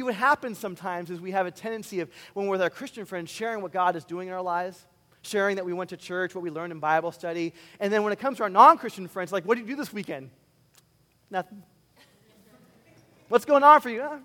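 A male pastor preaching with a light, high-pitched voice. He swings from loud, punchy emphasis down to hushed, earnest asides. His voice carries a long reverb tail from a large church hall. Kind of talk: sermon.

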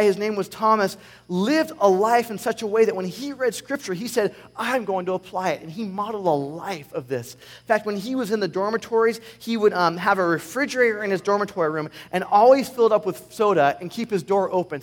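A man preaching a conversational sermon, reading scripture with animated sarcasm. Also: sits high, brisk, big-room sound. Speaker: pastor.

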